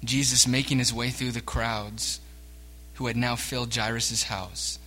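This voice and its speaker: Pastor preaching slowly in a reverberant church. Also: male voice, medium pitch, little pitch movement. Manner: dramatic, swings between hushed and emphatic. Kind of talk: sermon. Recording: long reverb of a church hall.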